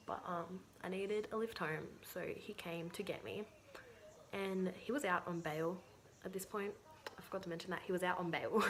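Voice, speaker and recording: A woman's voice: fairly low pitch, a bit bright, slight background noise. A woman with an Australian accent telling a story casually, full of fillers and swearing. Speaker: vlogger.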